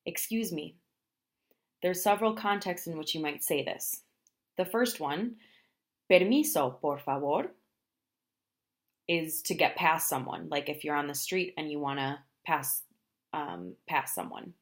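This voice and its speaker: A woman teaching travel phrases in a language lesson, explaining each phrase and then saying it slowly, often twice. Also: deep voice. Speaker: Spanish teacher.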